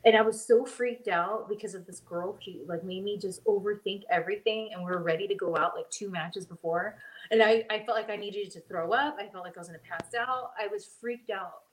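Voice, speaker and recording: A woman, a former wrestler and podcast co-host, telling stories in a casual chat, lively and acting out the voices of the people she quotes. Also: brisk. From Mexican heritage. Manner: animated, acts out quoted voices with big pitch jumps.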